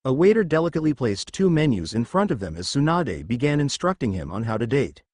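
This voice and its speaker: A man narrating a fan fiction story in a steady storytelling manner. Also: medium pitch, fairly quick, few pauses, no room sound, studio quality. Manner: steady storytelling with lively intonation.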